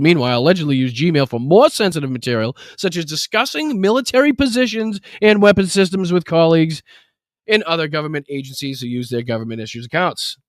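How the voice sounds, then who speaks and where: A man's voice: on the high side, no room sound, studio quality. A man hosting a live political show, reading news with sarcastic, profane, rambling asides. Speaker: political livestream host. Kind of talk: casual political commentary.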